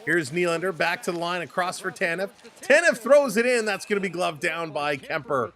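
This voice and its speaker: Canadian male livestream commentator, slightly high-pitched, energetic play-by-play with chat shout-outs. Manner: fast, excitable calls, greets chat viewers. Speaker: play-by-play host.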